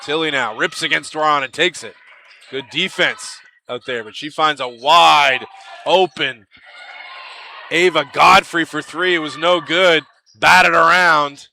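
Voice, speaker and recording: A play-by-play commentator calls a basketball game live from an arena broadcast position in a fairly high, very bright, gravelly voice. He's a little slow but chatty and lively, rising into excited calls on big plays, with faint background hiss beneath him.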